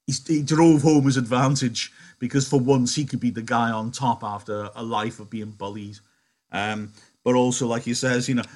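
A man's voice: medium pitch, steady tone, normal speed, a little mellow. A male teacher explaining a novel in a chatty way, thinking aloud and correcting himself.

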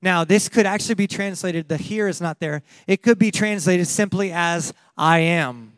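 A man preaching a sermon, animated and laughing often, acting out quotes from the story as he goes. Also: high-pitched, moderate pace, no echo. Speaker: pastor.

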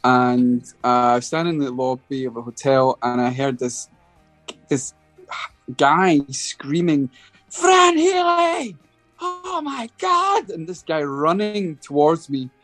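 A man's voice: medium pitch, a little slow, no echo, soft background music. A Scottish man, a guest musician, telling a casual anecdote in an interview, hesitant with many restarts. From Scotland. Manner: hesitant, restarts often, animated storytelling.

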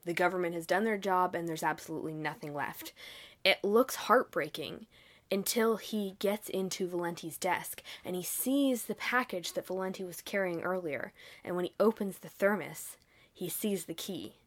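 Chatty woman recapping a TV episode. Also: lowish voice. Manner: chatty, acts out dialogue in quick bursts. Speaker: podcast host.

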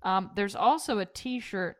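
A woman hosting a casual podcast, upbeat and quick to laugh. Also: mid-range voice, lively intonation. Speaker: podcast host.

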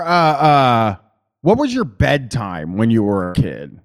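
A man's voice: mid-range voice, huge pitch swings, slow. A man with a Midwestern accent hosting a call-in show, rambling and casual, with plenty of fillers and swearing. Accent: Midwestern American. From Columbus, Ohio.

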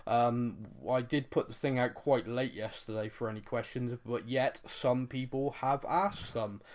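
A man in a relaxed football chat, talking in an easygoing, jokey way. His pitch sits in the middle for a man, and he keeps things light as the host. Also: measured pace. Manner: chatty, jokey, slips into mock voices. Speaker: podcast host.

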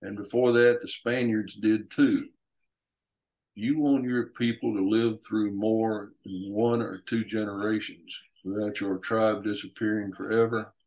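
A man reads as a weathered old frontiersman giving hard advice. He is plainspoken and folksy, with a lowish voice and an unhurried pace. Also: fairly even intonation, darkish tone, rough recording. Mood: grave.

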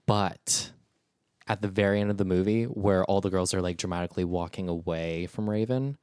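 Male co-host, low voice, wry and curious, dry sound. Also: steady tone, moderate pace, darkish tone, clean tone, dry recording. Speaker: podcast co-host. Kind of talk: casual chat.

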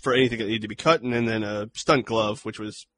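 A man's voice: fairly low pitch, fast talker. Male podcast co-host, casual film chat, blunt and profane. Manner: blunt, swears casually, animated asides.

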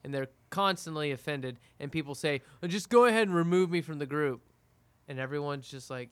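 A man's voice: on the high side, fairly quick, clear, resonant tone, no echo. A man in casual chat, telling a story bluntly and profanely.

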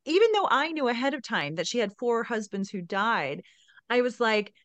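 A woman interviewing an author, excitedly recapping the story and sharing her reactions. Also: on the high side, normal speed, no room sound, highs cut off. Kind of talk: casual book-discussion interview.

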